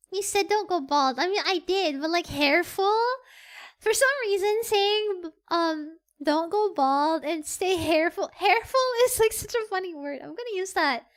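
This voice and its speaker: A streamer in casual live-stream chat at a desk microphone, giggly and excitable, breaking into squeals. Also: very high voice.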